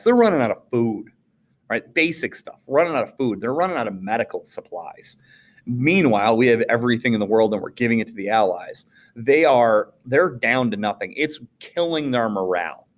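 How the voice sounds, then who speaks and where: An animated male teacher talks through a history lesson in a loose, chatty way. His voice sits at an ordinary middle pitch, and he keeps it lively by leaping up into playful quoted voices. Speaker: social studies teacher. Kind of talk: casual classroom lecture.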